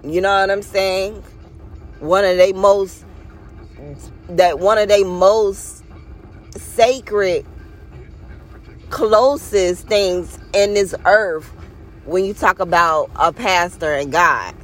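A woman talks straight to her podcast listeners in an unhurried, heartfelt monologue. She leans into key words and draws them out, sounding earnest and a little preachy as she encourages them. Her pace stays slow and deliberate throughout. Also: medium pitch. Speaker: podcast host. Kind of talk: casual inspirational monologue.

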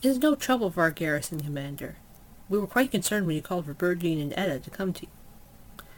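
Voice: mid-range voice, animated, fairly quick, slight background noise, lightly acted, rough recording. A reader voicing a gracious, weary noble elf lady who speaks in formal, courtly phrases, read aloud from a storybook. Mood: courteous.

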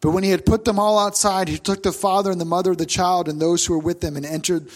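A middle-aged man preaching a sermon as pastor, telling the story with animation and loudly acting out the voices he quotes. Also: sits high, steady tone, fast.

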